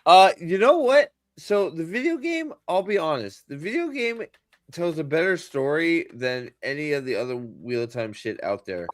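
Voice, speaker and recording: A man's voice: on the high side, sing-song, normal speed, dry recording, studio quality. A man co-hosting a casual podcast who jokes sarcastically, swears a lot and laughs often. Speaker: podcast co-host. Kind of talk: casual profane banter.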